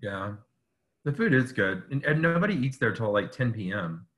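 A man co-hosting a casual chat, joking in a sarcastic way with quick quips. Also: fairly low pitch, sing-song, a bit bright. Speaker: co-host.

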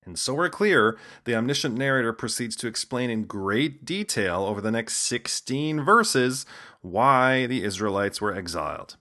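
A man's voice: medium pitch, lively intonation, moderate pace, bright, forceful tone. A man giving humorous scripted narration, sliding in wry, casual asides.

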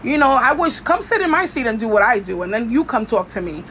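A woman's voice: fairly high pitch, big pitch swings, fast, a bit bright, slight background noise. A woman hosting her own podcast, venting in a casual, blunt and profane way, with lots of "you know" fillers. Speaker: podcast host.

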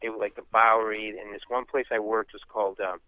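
A man telling a comic story in an interview, animated and acting out the people in it. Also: fairly low pitch, fast talker, smooth, no room sound. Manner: animated, acts out voices. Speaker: guest comedian. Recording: tinny phone-like line.

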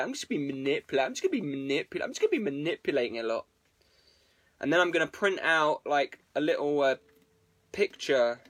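A man streaming to viewers as a musician, rambling casually with plenty of swearing and jokes. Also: a little high. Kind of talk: casual livestream chat.

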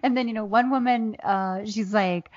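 A woman's voice: mid-range voice, moderate pace, darkish tone, no echo, highs cut off. A woman from Ohio, an author chatting as a guest in an interview, telling funny stories and laughing often. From Ohio, USA. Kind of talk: casual interview chat.

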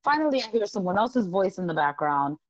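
A woman guest on a podcast telling a wild story in casual chat, animated and profane, laughing often. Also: mid-range voice, a little fast, no room sound, dull audio.

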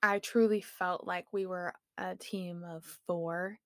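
Measured, reflective woman in podcast chat. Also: on the low side, fairly even intonation, a bit bright, no room sound, studio quality. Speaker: podcast co-host. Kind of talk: casual chat.

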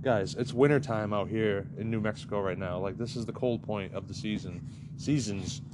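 A man's voice: lowish voice, normal speed, background noise. Rambling, foul-mouthed man telling a story. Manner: profane, rambling, heavy use of "like". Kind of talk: casual storytime rant. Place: campground in New Mexico.

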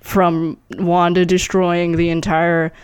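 A woman's voice: fairly low pitch, little pitch movement, slow, clean tone, dry recording, clean studio sound. A young woman co-hosting a podcast, talking animatedly with swearing and laughter, and filling her speech with "like.". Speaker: podcast co-host. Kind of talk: casual chat.

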